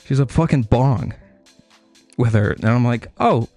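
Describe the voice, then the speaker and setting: A man's voice: mid-range voice, steady tone, a little slow, dark tone. A young man tells a storytime in a loose, rambling way. He swears freely, stacks up filler words and laughs at his own tangents. Faint music plays behind him. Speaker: streamer telling a story.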